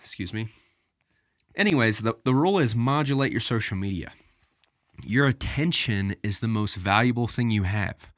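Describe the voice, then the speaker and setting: A man with a fairly low voice hosts a solo podcast, rambling casually and speaking straight to his listeners. He sounds a bit out of breath. The recording is dry and close, with no room sound. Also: fairly bright tone, no room sound. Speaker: podcast host.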